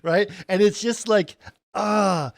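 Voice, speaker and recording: A man's voice: high voice, slow, dry recording, studio quality. A man co-hosting a film podcast, retelling movie scenes and checking in with his co-host. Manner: retells scenes, often tags lines with "right?". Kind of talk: casual film discussion.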